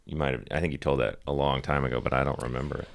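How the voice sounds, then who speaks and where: A man's voice: a bass voice, fairly even intonation, racing, gravelly. A man co-hosting a podcast, reading out listener questions in a laid-back way and laughing a lot. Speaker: podcast co-host and producer.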